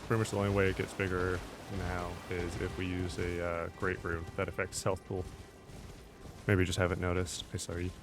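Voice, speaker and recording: A man's voice: low-pitched, level tone, a little fast, over music. A man streaming a video game, chatting casually, answering viewer chat and counting out workout reps between fights. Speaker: gaming streamer. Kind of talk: casual livestream chat while gaming.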